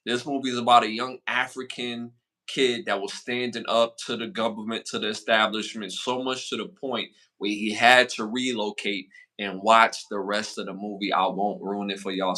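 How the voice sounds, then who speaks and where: A man with a bright, forceful voice co-hosting a casual podcast. He talks in loose slang and his pitch jumps up sharply when he gets hyped. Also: fairly even intonation, normal speed. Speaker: podcast co-host. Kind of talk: casual chat.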